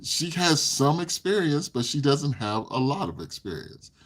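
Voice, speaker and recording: A man's voice: on the high side, big pitch swings, moderate pace, fairly bright tone, slight background noise. An older man hosting a casual livestream, telling rambling stories and laughing often. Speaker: livestream host.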